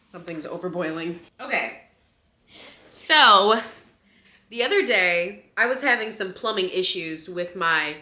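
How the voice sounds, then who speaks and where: A young woman tells a storytime tale in a very bright, sharp voice. She chats animatedly, jumping up high when she gets indignant. Her small apartment kitchen gives the sound a roomy echo. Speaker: vlogger. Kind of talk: casual storytime chat. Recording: echoey room.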